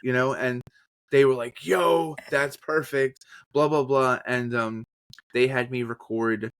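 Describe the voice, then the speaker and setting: A man chats loosely about his work, full of energy and quick to jump into impressions. His voice sits at a middle pitch. The sound is dry and close, with no room around it. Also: smooth, no room sound. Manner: animated, slips into trailer and character voices. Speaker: podcast guest, voice actor and journalist. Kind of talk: casual storytelling interview.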